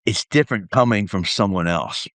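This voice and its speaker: A man's voice: lowish voice, normal speed, fairly bright tone, no echo. A middle-aged man telling a long story in an interview, acting out the voices of the people he quotes. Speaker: podcast guest.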